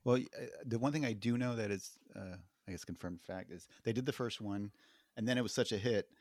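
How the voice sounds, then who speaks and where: A man with a low voice who lays out facts in a measured, slightly hesitant way during casual film talk. His voice is recorded dry and close. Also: a little mellow, no echo. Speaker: podcast co-host.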